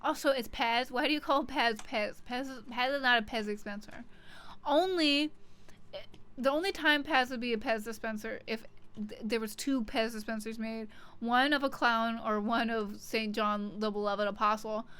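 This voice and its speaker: A woman's voice: a little high, fairly even intonation, normal speed, fairly bright tone, clear, resonant tone. A woman streamer chatting casually to her audience in a rambling, irreverent way, swearing freely. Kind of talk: casual live-stream chat.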